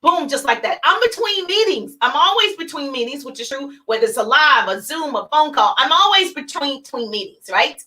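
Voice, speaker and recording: A woman business coach giving an energetic, emphatic live-streamed talk, repeating her key points and acting out sample phone calls. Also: high voice, brisk, few pauses, rough recording.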